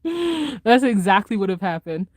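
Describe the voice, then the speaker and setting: A young adult woman live streamer, ranting in a casual, animated way with lots of slang and laughter while she reads chat. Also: medium pitch, no echo. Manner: animated, fast-talking rant with frequent laughter and slang.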